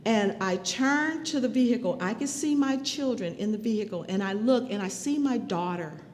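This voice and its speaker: A woman recounting her own experience as personal testimony, speaking in a measured, earnest way. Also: mid-range voice, a little mellow, long reverb tail, a little hiss or hum.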